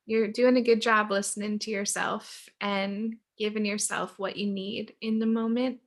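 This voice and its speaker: A woman's voice: mid-range voice, flat delivery, a little slow, few pauses. A woman coaching a group on a video call, affirming and encouraging members.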